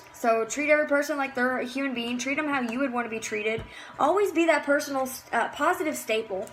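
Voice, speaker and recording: Woman, slightly high voice, casual motivational team leader, chatty with lots of fillers, faint hiss. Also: a bit bright. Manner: chatty, full of fillers, acts out cheery messages. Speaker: team leader in direct sales.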